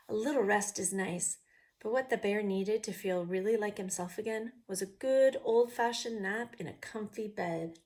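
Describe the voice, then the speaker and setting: A woman reading a picture book aloud to young viewers, pausing to ask them questions. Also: medium pitch, a little mellow.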